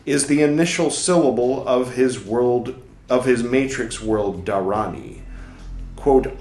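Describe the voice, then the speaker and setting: A man reading a book aloud for a podcast, carefully and deliberately, now and then adding wry muttered asides. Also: medium pitch. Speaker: podcast reader. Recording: roomy echo.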